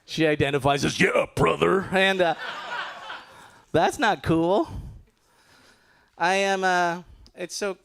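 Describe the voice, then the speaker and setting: A middle-aged man from Los Angeles doing a lively stand-up comedy set at a benefit show. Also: high voice, takes it slowly, long pauses, clean tone. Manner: animated, loud comic impressions of relatives.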